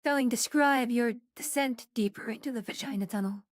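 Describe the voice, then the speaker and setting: Teasing high-voiced woman co-host. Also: a little fast, dry recording, clean studio sound. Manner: teasing, calls partner darling. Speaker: streamer co-host. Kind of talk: casual chat on a stream.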